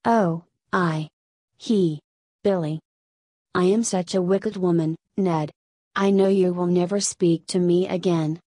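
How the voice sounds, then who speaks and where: A woman reading the part of a distraught young woman who talks in a tearful, halting way. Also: fairly low pitch, steady tone, mellow, dry recording, clean studio sound. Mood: ashamed.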